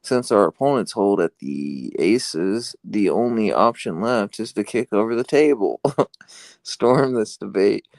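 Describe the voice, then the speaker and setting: A man co-hosting a podcast in casual chat, talking haltingly with many fillers. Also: lowish voice, expressive, gravelly, no echo. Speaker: podcast co-host. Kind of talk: casual chat, reading a flyer aloud.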